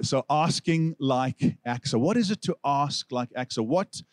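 A man with a South African accent preaching a sermon, telling stories with lively delivery and acting out the people he quotes. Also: mid-range voice, no echo. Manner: animated storytelling, acts out quoted figures. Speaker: pastor.

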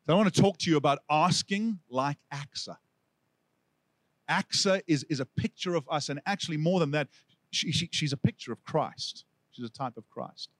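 A man with a South African accent preaching a sermon, telling stories with lively delivery and acting out the people he quotes. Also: fairly high pitch, moderate pace, no echo. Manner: animated storytelling, acts out quoted figures. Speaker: pastor.

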